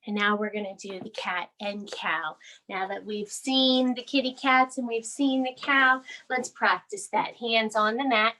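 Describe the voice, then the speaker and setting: A woman guides children through a bedtime yoga session in a soft, soothing, sing-song voice. She speaks high and unhurried, drawing out each phrase as she reads a picture book between poses. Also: a little hiss or hum. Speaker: yoga instructor. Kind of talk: children's bedtime yoga class with storybook reading.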